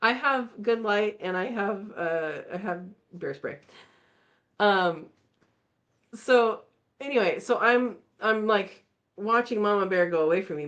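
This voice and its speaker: A woman hosting a live chat, telling a story in a casual, animated way and acting out the voices. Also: mid-range voice, unhurried, highs cut off. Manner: animated, acts out voices in her stories. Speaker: channel host.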